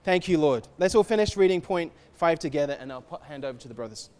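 High-voiced, clear man preaching animatedly. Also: fast. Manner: animated, swings from soft to shouting; acts out quoted voices. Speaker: church speaker. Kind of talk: sermon.

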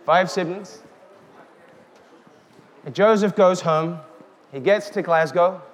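A man preaching a sermon, slow and emphatic, calling out questions to the congregation. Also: high-pitched. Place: church hall. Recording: reverberant hall with faint noise.

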